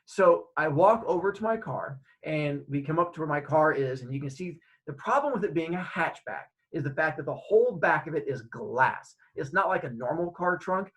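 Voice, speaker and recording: Animated man telling a story. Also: a little high, moderate pace, hardly any pauses, poor audio. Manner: animated, acts out dialogue. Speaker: host. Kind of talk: casual storytelling.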